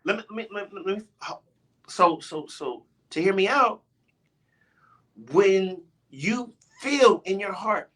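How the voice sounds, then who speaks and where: A man's voice: high voice, slow pace. A middle-aged man hosting a radio talk show, arguing his point emphatically and restarting his sentences as he goes. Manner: animated, emphatic, often interrupting himself. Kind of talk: heated casual debate.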